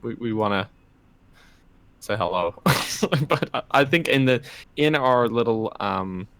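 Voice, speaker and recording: A man's voice: medium pitch, expressive, slow pace, a bit bright, clean tone, no room sound. A man co-hosting a casual livestream podcast, teasing, giggly and hesitant. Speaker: podcast co-host.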